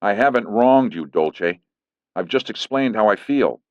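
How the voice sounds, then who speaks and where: A man's voice: fairly low pitch, expressive, unhurried, dry recording, voice pushed up. A man voicing a firm, defensive leading man. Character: firm middle-aged man, a lawyer. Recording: dull lo-fi recording.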